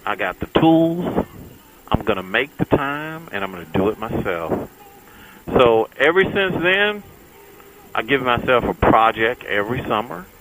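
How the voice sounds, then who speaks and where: A man's voice: mid-range voice, expressive, measured pace, background noise. Folksy man talking while riding. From Texas. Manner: folksy and chatty, addresses viewers as y'all. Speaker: motorcycle vlogger. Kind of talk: casual riding vlog chat. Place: on a motorcycle on a freeway, outdoors.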